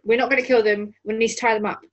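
Mulher jogadora, voz rouca e risonha. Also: female voice, a little high, little pitch movement, rapid-fire, rough recording. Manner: giggly, apologetic. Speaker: player. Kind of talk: casual tabletop role-play.

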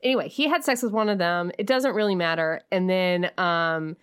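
A woman's voice: on the low side, normal speed, fairly bright tone, clear, resonant tone. A woman co-hosting a casual chat, recapping events chattily and laughing often. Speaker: podcast co-host.

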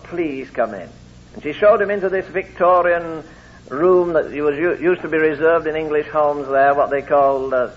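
A man preaching a sermon, telling anecdotes and acting out the quoted voices in his stories. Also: a little high. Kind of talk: sermon with storytelling. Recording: tinny phone-like lo-fi recording.

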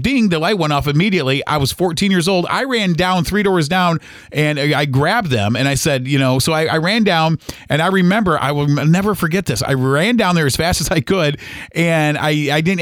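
A man in his forties, a podcast host telling a personal story in an earnest, halting way with many fillers and restarts. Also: fairly high pitch, no echo, studio quality. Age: 40s.

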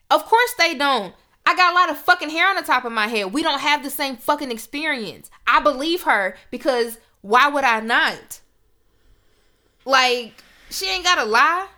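Heated, profane young woman with a bright voice. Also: high voice, animated, normal speed. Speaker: podcast host. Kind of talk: casual podcast rant.

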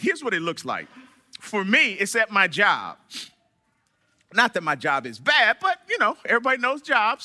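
A man preaching a sermon to his church, animated, with dramatic pauses and quoted voices. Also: very high voice. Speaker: church member giving a sermon.

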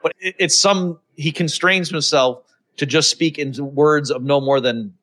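Rambling, animated male podcast host. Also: on the high side, a little slow. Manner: animated, rambling, addresses listeners as folks. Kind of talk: casual chat.

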